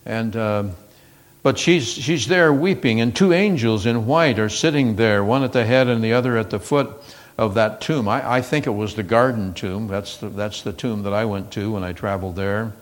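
A man's voice: lowish voice, moderate pace. Earnest man preaching a sermon. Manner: earnest storytelling with frequent fillers and restarts.

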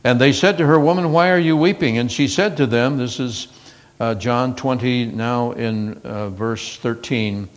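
Guy preaching, retells bible stories earnestly, lots of uh and restarts, mid pitch. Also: unhurried. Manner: earnest storytelling with frequent fillers and restarts. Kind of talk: sermon.

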